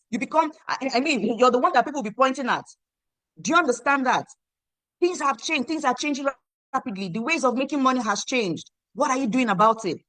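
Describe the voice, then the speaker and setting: A woman in her thirties from Nigeria, hosting an online meeting and giving an emphatic, repetitive sales pitch that urges listeners to act now. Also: fairly bright tone, dry recording. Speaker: online meeting host selling a program. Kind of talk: motivational sales pitch on a video call. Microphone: video call.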